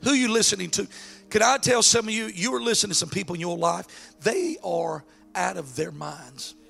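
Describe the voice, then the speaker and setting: A male pastor preaching a sermon, joking in asides and building to shouted exhortation. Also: high voice, normal speed, vocal fry, faint music behind.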